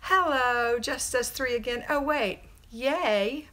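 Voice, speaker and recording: A middle-aged American homemaking coach chats with her livestream audience from home, calling out viewers by name and dispensing upbeat household advice. Her voice leans high and sounds bright and forceful, and she speaks slowly.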